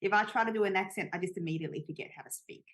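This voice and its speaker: A woman's voice: mid-range voice, very fast, fairly bright tone. An Australian woman co-hosting a podcast, dry and self-deprecating in casual chat. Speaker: podcast co-host.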